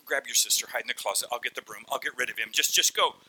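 A man doing a frightened, hurried mother. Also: mid-range voice, sharp tone, husky, rough recording. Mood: alarmed. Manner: hurried, alarmed orders. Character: frightened mother protecting her kids.

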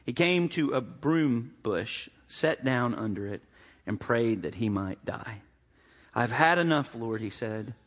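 A man preaching a sermon as pastor, an animated storyteller who jokes and acts out the quotes. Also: medium pitch, slow, slightly rough, big-room sound.

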